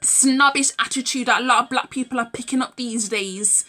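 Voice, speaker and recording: A woman's voice: fairly high pitch, normal speed, bright, forceful tone. A young adult woman vlogging a heated, emphatic rant straight to camera, swearing as she goes.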